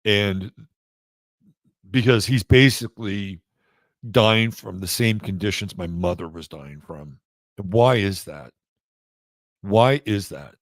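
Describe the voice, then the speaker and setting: Male show host, deep voice, dry close sound, loose unscripted delivery with frequent pauses and restarts. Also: no echo. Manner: halting, many fillers and restarts. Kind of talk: casual spoken monologue.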